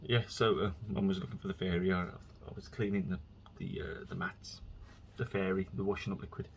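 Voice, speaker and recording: A vlogger, a man whose voice sits on the low side, delivers a loose, casual monologue by himself at a fairly quick clip and in a steady tone. He tells stories conversationally, often restarting what he's saying, over a faint background hiss.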